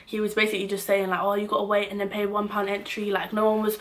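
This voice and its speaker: A young woman recounting a night out for her vlog, her voice sitting at an ordinary middle pitch. She talks in a lively, slang-filled, exasperated storytelling manner. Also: quick pace. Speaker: vlogger.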